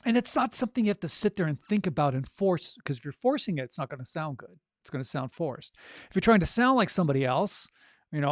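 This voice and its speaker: Man, audiobook coach, casual chat, fairly high voice, dry close sound. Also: big pitch swings, fairly quick, no echo. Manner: conversational, upbeat, with frequent fillers.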